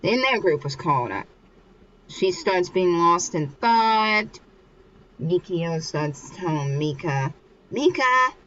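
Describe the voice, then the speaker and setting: A woman's voice: on the low side, lively intonation, takes it slowly, fairly bright tone, dull audio. A young woman casually recapping a manga chapter, rambling and restarting as she goes. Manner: rambling, acts out characters. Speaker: manga reader.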